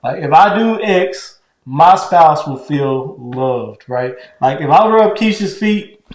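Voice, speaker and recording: A man with a naturally loud, fairly high voice talks about marriage in a loose, animated way, checking in with his listener as he goes. The room around him is roomy and echoey. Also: slow. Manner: conversational, loose and animated, keeps checking in with "right?". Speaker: podcast co-host with his wife. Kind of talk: casual relationship talk.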